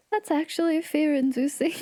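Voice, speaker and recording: A high-pitched woman chats away with her stream viewers in a loose, giggly, playful way. Her tone is soft and mellow, and the sound is close and dry, with no room around it. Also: dry recording. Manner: chatty, giggly, animated and playful. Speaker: livestream host. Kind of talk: casual livestream chat.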